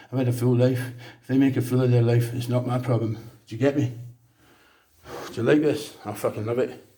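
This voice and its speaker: A man holds forth in a rambling, emphatic monologue that turns preachy. His voice is dark and mellow. It rings in a roomy, echoey space. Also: medium pitch. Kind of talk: casual monologue.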